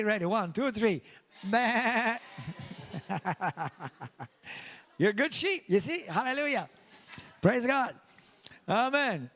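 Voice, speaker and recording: A middle-aged man from Malta preaching a sermon and praying, fervent, often repeating praise words and leading his congregation in call-and-response. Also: high voice. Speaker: pastor. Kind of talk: sermon with prayer.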